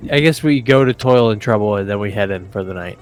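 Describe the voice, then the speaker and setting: A man's voice: on the low side, quick pace. Easygoing male tabletop player. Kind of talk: casual chat at a game table.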